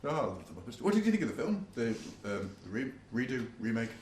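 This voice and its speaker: A man's voice: mid-range voice, sing-song, quick pace, a little mellow. A man co-hosting a podcast. He chats casually, swears and jokes a lot. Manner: sweary, joking, bursts into silly voices. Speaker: podcast co-host. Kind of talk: casual banter. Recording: echoey room, faint background noise.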